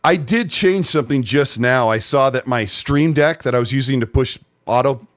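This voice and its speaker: A man's voice: medium pitch, moderate pace, no echo. Laid-back man hosting a podcast. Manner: laid-back, hesitant, lots of fillers. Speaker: podcast host. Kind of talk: casual podcast chat.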